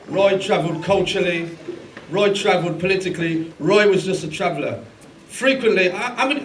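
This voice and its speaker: A man with a high voice introduces each part of a live event, chatty and loose with fillers. He is heard from some distance in a large echoey hall, with a crowd faintly behind him. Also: fairly bright tone. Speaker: event host.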